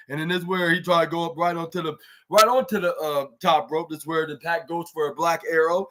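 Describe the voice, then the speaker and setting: Rambling man recapping wrestling, slightly high. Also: steady tone, sharp tone. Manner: rambling, halting, many restarts and fillers; acts out wrestlers' lines in raised voice. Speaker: podcast host reviewing wrestling. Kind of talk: casual play-by-play recap.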